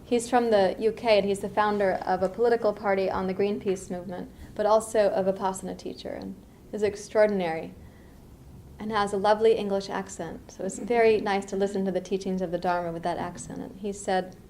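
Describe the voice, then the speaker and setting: Middle-aged woman from the US East Coast, meditation teacher giving a dharma talk; unhurried and reflective, mid-range voice, lively asides. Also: mid-range voice, a little hiss or hum.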